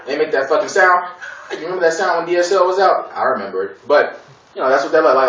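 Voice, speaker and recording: A male comedian from Gary, Indiana, riffs profanely and rambles from one tangent to the next. His bright, high voice swings widely in pitch. He sounds distant in an echoey room. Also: lively intonation, fast talker, slight background noise. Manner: loose, profane, digressive storytelling with exaggerated voices. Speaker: stand-up comedian. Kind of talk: stand-up comedy routine.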